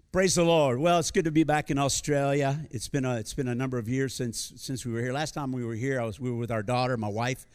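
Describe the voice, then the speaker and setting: A man's voice: mid-range voice, fairly even intonation, normal speed, long pauses, darkish tone, clean tone. Folksy American pastor in his sixties. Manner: folksy and joking, with many fillers and restarts. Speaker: visiting pastor. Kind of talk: live sermon. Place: church before a congregation.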